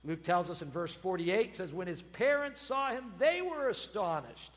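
A man, a pastor, preaching a sermon with expressive delivery, acting out quoted voices with sudden loud bursts. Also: high-pitched, normal speed, big-room sound.

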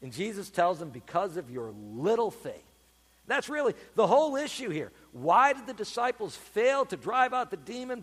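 A man preaching a sermon as pastor, emphatic and animated, with dramatic pauses. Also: high-pitched, breathy edge, big-room sound.

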